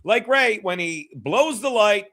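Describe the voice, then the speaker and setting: Rambling guy hosting a stream, high sharp voice, swears a lot and keeps laughing. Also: lively intonation, a little slow. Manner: rambling, profane, laughs often between remarks. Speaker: host of a livestreamed comedy show. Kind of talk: casual livestream chat reading viewer donations.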